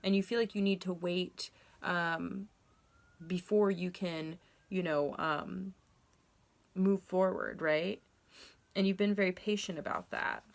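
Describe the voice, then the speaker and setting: A young woman talks through a tarot reading in a loose, casual way, her voice sitting a bit low for a woman. She is candid and rambling, trailing off and correcting herself with frequent ums. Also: steady tone, takes it slowly, vocal fry. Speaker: tarot reader.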